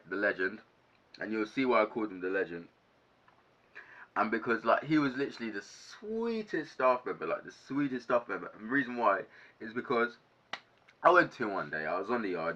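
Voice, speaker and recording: A young man telling a casual storytime to camera, animated, ranting and swearing a lot. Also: lowish voice. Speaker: vlogger. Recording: dull lo-fi sound.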